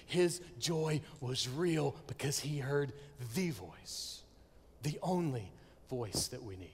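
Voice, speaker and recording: A man preaching a sermon, swinging between loud declarations and hushed near-whispers. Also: medium pitch, lively intonation, slow, a little hiss or hum. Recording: long hall reverb.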